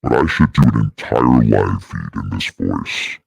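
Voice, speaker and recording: A demonic voice, impossibly deep and crackling with fry, lurches through slow, swooping lines. He growls crude threats and jokes in a dry, close sound. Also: animated, a little mellow, dry recording, exaggerated voice. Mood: joking. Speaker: channel host.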